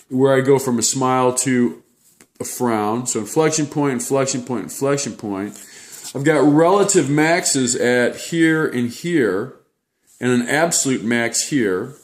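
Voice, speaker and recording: A man lecturing on graphs in a roomy, echoing space. He walks through each step and keeps checking in with a quick "okay?". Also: medium pitch, darkish tone. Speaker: math teacher. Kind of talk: classroom lecture at a whiteboard.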